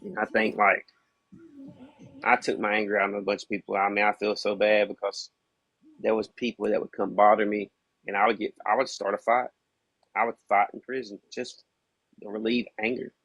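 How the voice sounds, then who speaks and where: A man's voice: lowish voice, level tone, moderate pace, pauses often, a bit bright, slightly rough, no room sound. A man guesting on a podcast, casually and candidly telling a hard personal story, peppered with "you know what I mean.".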